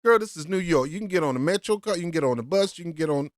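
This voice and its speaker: A woman's voice: on the low side, animated, rapid-fire, dry recording. A woman giving a slangy, mocking reaction commentary on a street video.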